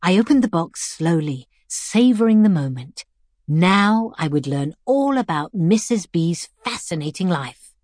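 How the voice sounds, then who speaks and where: Husky, low-voiced woman narrating a story. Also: lively intonation, a little mellow, no room sound, clean studio sound. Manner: measured, reflective storytelling. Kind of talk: scripted first-person story narration.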